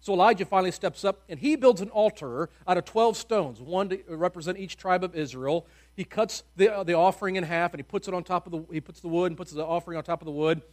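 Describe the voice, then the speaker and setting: A man preaching a sermon in a casual, humorous storytelling way, with sudden loud bursts of emphasis and hushed, quiet drops. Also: high-pitched, quick pace, hardly any pauses.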